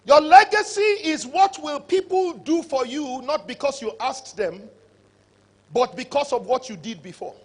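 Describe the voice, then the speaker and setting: A man's voice: very high-pitched, a little slow. A middle-aged man gives a motivational conference speech, telling a story and acting out the dialogue. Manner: animated, acts out dialogue in stories. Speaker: conference speaker.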